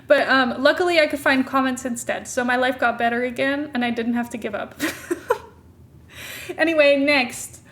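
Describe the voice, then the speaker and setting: A woman's voice: high voice, fairly even intonation, moderate pace, fairly bright tone. A young woman streamer chatting casually, giggling often and poking fun at herself. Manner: giggly, self-mocking, chatty. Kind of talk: casual live-stream commentary.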